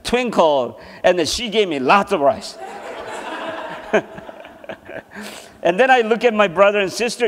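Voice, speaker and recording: A man's voice: fairly high pitch, lively intonation, a little slow, long pauses. A man giving a sermon as a seminar presenter, telling a personal story and laughing often as he talks. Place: church hall. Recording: long hall reverb.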